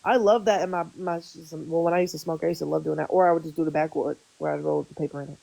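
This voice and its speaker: A woman chatting casually on a TikTok live stream, quick to agree. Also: low-pitched, fairly even intonation, gravelly, warm tone. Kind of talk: casual group chat.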